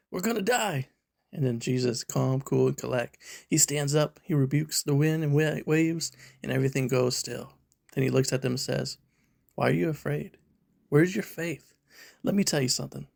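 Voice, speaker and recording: A man's voice: mid-range voice, vocal fry. A man preaching a sermon, emphatic and full of rhetorical questions aimed at his listeners.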